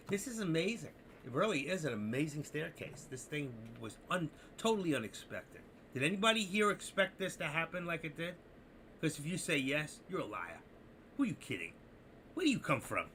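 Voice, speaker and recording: A man runs a live trading stream, his voice swooping up and down with a gravelly edge. He jokes and rambles with his viewers, excited and chatty, over a faint hiss in the background. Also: fairly high pitch, brisk. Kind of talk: casual live-stream commentary.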